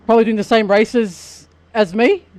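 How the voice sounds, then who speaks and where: A man's voice: high voice, moderate pace. Chatty Australian man streaming sim racing. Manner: chatty, thinks out loud, excitable. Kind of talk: live-stream gaming chat. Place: home sim racing rig.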